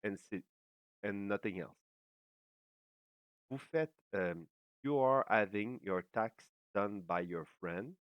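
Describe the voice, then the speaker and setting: A man teaches at a very slow, deliberate pace, his voice sitting a little low. He pauses often and fills gaps with small hesitations. The sound is dry and slightly dull, as if from a modest home setup. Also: no echo. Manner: slow and careful, with frequent pauses and fillers. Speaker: French teacher. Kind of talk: slow language lesson.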